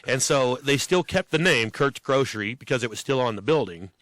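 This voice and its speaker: A man's voice: mid-range voice, lively intonation, brisk, a bit bright, no room sound, studio quality. A man co-hosting a podcast, casually recapping for listeners and laughing along. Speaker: podcast co-host.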